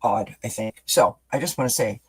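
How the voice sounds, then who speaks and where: Male tarot reader on a live stream, mid-pitched, rambling and warmly chatty, lots of restarts. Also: expressive, normal speed, slightly rough, rough recording. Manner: talks directly to viewers as friends.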